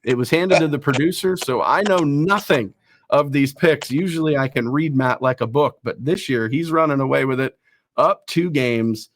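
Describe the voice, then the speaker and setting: A male sports show host, reading down lists of rankings at a brisk clip. His voice sits at a middling pitch and is recorded dry and close, with no room sound. He throws in quick self-deprecating asides between entries. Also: no echo. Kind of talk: casual sports talk show.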